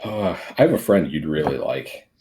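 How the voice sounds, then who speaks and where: A man's voice: a bass voice, big pitch swings, moderate pace, dark tone, slight background noise. A man playing a tabletop game, asking questions in a friendly, inquisitive way as his character. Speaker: player.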